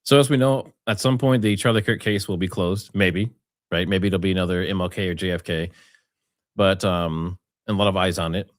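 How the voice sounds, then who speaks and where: A man hosting an interview, asking questions in a brisk, conversational way. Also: deep voice, steady tone, dry recording, studio quality.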